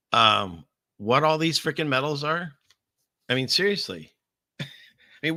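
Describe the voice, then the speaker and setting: Bright-voiced joking male host. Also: a little high, no echo, studio quality. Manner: rambling, joking, sarcastic asides. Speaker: show host. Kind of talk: casual news commentary.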